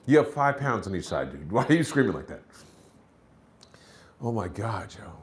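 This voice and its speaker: Animated stand-up comic, high and lively. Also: male voice, a little fast. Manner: animated, acts out characters in high shouted voices. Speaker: stand-up comedian. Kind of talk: stand-up comedy set.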